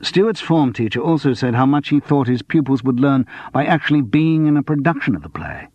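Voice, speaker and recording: Man as a cool, persistent questioner, husky, lively pitch, dull dry sound. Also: brisk, no echo. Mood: probing. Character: calm probing man, quietly insistent investigator. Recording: dull lo-fi dry audiobook recording.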